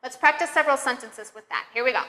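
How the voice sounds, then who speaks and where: A woman teaching English pronunciation, leading slow, careful drills with encouraging praise. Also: high voice, expressive, sharp tone. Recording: long reverb, room echo.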